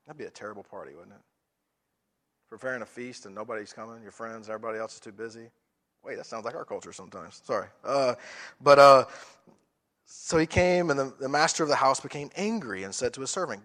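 A man's voice: mid-range voice, animated, fast, a bit bright. Emphatic man preaching a sermon. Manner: emphatic, with rhetorical questions and restarts. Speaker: pastor.

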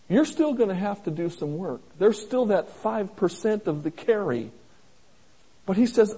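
A man preaching a sermon in a folksy, plain-spoken way, slowing down to stress each scripture quote. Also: high-pitched, very animated, dark tone, breathy edge, low-quality recording. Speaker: pastor.

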